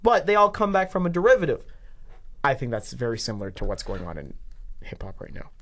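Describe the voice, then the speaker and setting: A podcast host in casual chat, rambling and animated, swearing now and then and laughing mid-sentence. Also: mid-range voice, a little fast, a little hiss or hum.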